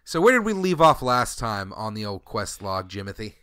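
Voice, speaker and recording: A man's voice: lowish voice, very animated, moderate pace, a bit bright, clear, resonant tone, no room sound. A man co-hosting a casual game podcast, talking bluntly and sarcastically with frequent swearing. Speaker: podcast co-host. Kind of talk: casual chat recapping a video game.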